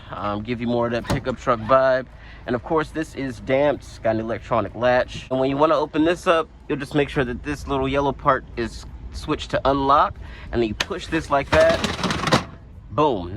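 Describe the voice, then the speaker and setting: Recorded outside with a slight hiss or hum, a man reviews a vehicle during an informal walkaround. His mid-range voice stays relaxed and conversational, peppered with plenty of fillers.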